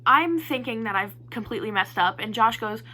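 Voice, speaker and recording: Young woman rambling thru an excitable storytime, kinda high bright voice, laughs at herself a lot. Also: a little fast, a little hiss or hum. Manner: animated, excitable storytelling with playful self-mockery. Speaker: vlogger. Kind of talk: casual storytime.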